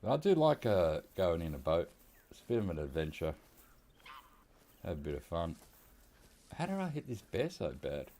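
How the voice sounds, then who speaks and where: A man's voice: sits low, big pitch swings, moderate pace, pauses often, mellow. A man with an Australian accent telling rambling, laughing stories while he plays a hunting game. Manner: rambling anecdotes with laughs and quoted dialogue. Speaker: gaming YouTuber. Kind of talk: casual storytelling while playing a hunting game.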